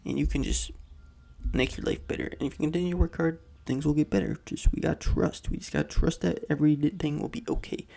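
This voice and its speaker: A man's voice: fairly high pitch, brisk, creaky, warm tone. A young man hosting a podcast, talking in a slangy, rambling way full of fillers as he comments on the week's news. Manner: slangy rambling rant, heavy on "like" and "freaking". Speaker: podcast host.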